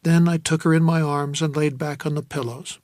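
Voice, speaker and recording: A male narrator reads a novel in the first person with steady, wry understatement. His voice sits a little high for a man. The recording is close and dry. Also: normal speed, dry recording. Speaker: audiobook narrator.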